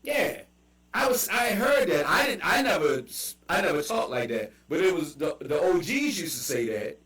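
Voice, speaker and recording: A man with a Baltimore accent hosting a casual chat, telling animated stories with quick asides. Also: high-pitched, recorded from a distance. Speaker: podcast host. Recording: echoey room, voice off mic.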